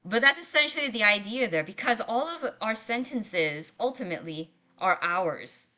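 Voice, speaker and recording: A woman's voice: medium pitch, expressive, normal speed, pushed and bright. A woman writing instructor giving a recorded lecture in a conversational way, often checking in with her students. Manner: conversational, checks in with "right?" and "okay?".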